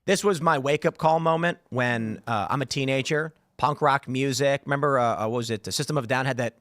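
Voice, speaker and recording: A man in his thirties hosting a political podcast, animated and acting out the voices in his stories. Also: mid-range voice, fairly quick, no room sound, clean studio sound. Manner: animated storyteller, acts out quotes. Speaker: podcast host. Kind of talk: casual political chat. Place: studio.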